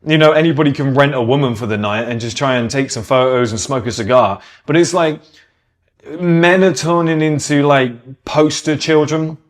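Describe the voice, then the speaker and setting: A British man holds forth in a loose, unscripted monologue, his voice sitting at an ordinary male pitch. He drives each point home with emphasis and casual swearing, and slips into the voices of people he quotes. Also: moderate pace. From Britain. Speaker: podcast host.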